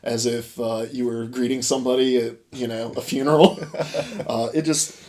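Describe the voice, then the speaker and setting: A man's voice: medium pitch, little pitch movement, moderate pace, a little mellow. A man hosting a gaming podcast with a stuffy cold, teasing his co-hosts in casual chat. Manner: joking, teasing introductions. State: stuffy, under the weather. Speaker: podcast host.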